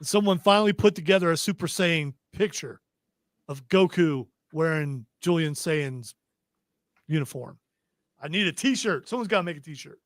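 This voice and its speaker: A man's voice: fairly high pitch, expressive, normal speed, no echo, studio quality. A man hosting a radio show, joking through casual on-air banter. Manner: joking, playful, breaks into shouts.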